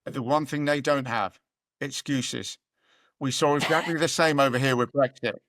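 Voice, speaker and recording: A man's voice: medium pitch, fairly even intonation, normal speed, fairly bright tone, no room sound. Chatty British man, dry close sound. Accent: British English. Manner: rambling, conversational, frequent fillers and restarts. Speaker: podcast co-host. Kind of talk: casual political chat.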